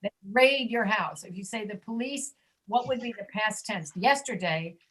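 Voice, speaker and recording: A woman teaching an online pronunciation class, stretching out words slowly to model each sound. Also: mid-range voice, noisy background. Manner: slow, drawn-out modeling of sounds. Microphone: video call.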